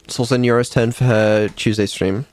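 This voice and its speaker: A man's voice: mid-range voice, fairly even intonation, normal speed, darkish tone, no room sound, soft background music. Laid-back man on a dev stream. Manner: laid-back, mumbling asides, frequent ums and swearing. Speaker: developer and streamer. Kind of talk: casual chat on a dev stream.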